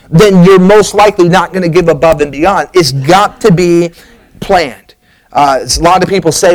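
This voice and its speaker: A middle-aged man preaches from the pulpit in a folksy, storytelling way, slipping in fillers and restarting his sentences. His voice sits a bit on the high side. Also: normal speed, low-quality recording. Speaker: pastor. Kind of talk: sermon.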